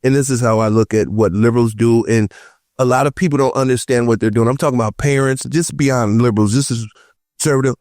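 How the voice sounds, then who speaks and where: A man on a podcast panel telling personal stories in casual chat, animated and acting out the voices of the people he quotes. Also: medium pitch, fast, no echo, studio quality. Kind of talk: casual roundtable chat, storytelling.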